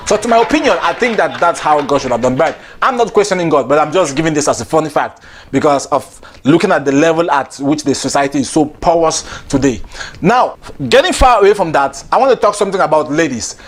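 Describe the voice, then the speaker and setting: A man's voice: a little high, lively intonation, fast talker, a little hiss or hum. A comedian host delivering a playful comic monologue and often laughing through his lines. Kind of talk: stand-up style comic monologue.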